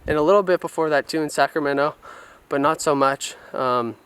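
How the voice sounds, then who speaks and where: A man's voice: a little high, brisk, fairly bright tone, clean tone, no room sound. A young man from California, vlogging outdoors and recalling his past in a candid, reflective way on a handheld camera mic. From California, USA. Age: young adult. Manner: reflective, open and unguarded. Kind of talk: candid personal storytelling. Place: outdoors on a rural family property. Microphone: camera mic on a handheld tripod.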